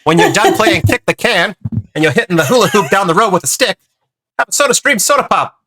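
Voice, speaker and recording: A man doing an old-timey 1920s pitchman. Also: big pitch swings, a little fast, bright, forceful tone, heavily acted. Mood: folksy salesman.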